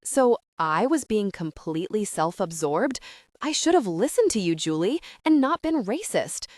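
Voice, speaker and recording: Woman reading a teenage girl, flustered, apologetic, lively swooping pitch, dry close audiobook sound. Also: moderate pace, no echo, lightly acted. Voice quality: voice rising squeaky when flustered. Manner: apologetic, tumbling words.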